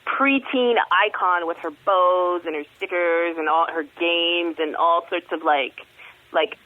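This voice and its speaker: A woman's voice: fairly low pitch, steady tone, a little slow. A woman in her forties, a guest co-host calling in, chatting bluntly and sardonically with frequent laughs. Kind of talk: casual chat. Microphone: phone call. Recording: tinny phone line.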